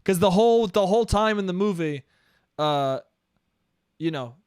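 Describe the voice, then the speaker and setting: A man's voice: high-pitched, expressive, moderate pace, a little mellow, smooth, no room sound, studio quality. A man hosting a solo comedy podcast, rambling and profane, often laughing at his own jokes. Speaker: podcast host.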